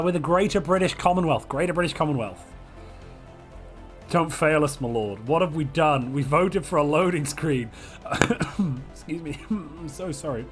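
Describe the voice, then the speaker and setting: A hoarse man hosts a strategy game livestream, making playful, theatrical royal pronouncements. His voice sits a little high. Faint music plays underneath. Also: normal speed. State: hoarse from a chest infection. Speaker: streamer host.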